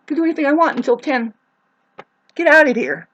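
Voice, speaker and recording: A woman's voice: high voice, very animated, a little fast, a bit bright, muffled recording, slight background noise, voice pushed up. A woman putting on a rude, entitled person who swears and makes demands. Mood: demanding. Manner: demanding, profane, bratty. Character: rude, entitled person yelling at a public servant.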